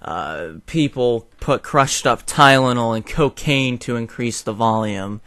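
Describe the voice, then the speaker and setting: Young man, slow, deliberate opinion vlogger who swears bluntly, clean dry sound. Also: mid-range voice, a bit bright, clean tone, no echo. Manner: blunt, profane, frequent fillers. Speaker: video commentator. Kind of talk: opinion rant to camera.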